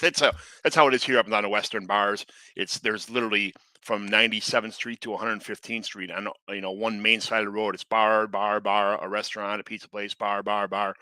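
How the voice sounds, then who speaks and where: A man from the United States hosting a podcast, chatting casually in a quick, animated way. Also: lowish voice, no room sound. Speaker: podcast host. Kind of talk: casual interview chat.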